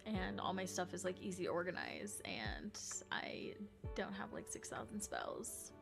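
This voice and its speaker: A woman's voice: on the low side, wildly swooping pitch, measured pace, vocal fry, music in the background. A woman live streamer chatting casually with her viewers in a bubbly, chatty way, full of fillers, sometimes dropping to near whispers.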